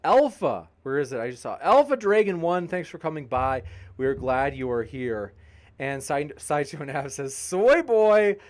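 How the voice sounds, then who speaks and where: A man hosting a debate channel, reading live chat shoutouts with jokey, playful banter and growing tired. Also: mid-range voice, animated, moderate pace. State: tiring, sipping water.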